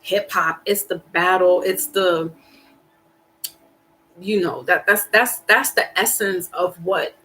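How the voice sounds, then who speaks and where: A woman hosting a casual live stream, rambling in an animated, slangy, emphatic way, with sighs and laughs. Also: lowish voice, slow pace, a little hiss or hum, rough recording. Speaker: tarot reader and live stream host.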